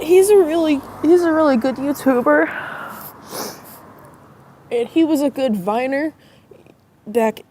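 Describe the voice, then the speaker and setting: A woman's voice: high voice, dark tone. A woman with a stuffy nose from crying talks hesitantly and rambles into her phone outdoors. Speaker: vlogger. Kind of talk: casual rambling talk to camera. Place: outdoors by a road at dusk. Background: faint traffic.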